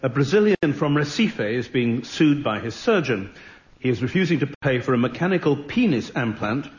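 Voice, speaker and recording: Man, panelist, teasing jokes, echoey dull broadcast, loud crowd. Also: mid-range voice, lively intonation, moderate pace. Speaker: quiz panelist. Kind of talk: comic panel banter. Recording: roomy broadcast with loud audience.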